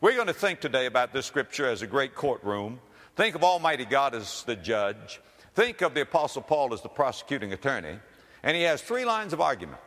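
A man preaching a sermon as a pastor, with emphatic, dramatic delivery that slows down on key words. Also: mid-range voice, very animated, a bit bright. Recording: long hall reverb.

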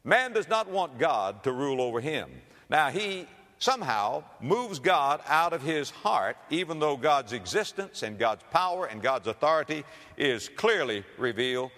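A man preaching a sermon as a pastor, with emphatic, dramatic delivery that slows down on key words. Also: on the high side, very animated, a bit bright. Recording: long hall reverb.

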